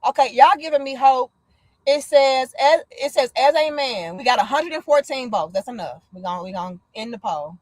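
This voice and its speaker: This livestream host is an American woman in her thirties with a high-pitched voice and a moderate pace. Her casual chat is blunt and full of swearing, and she tells stories with lots of energy.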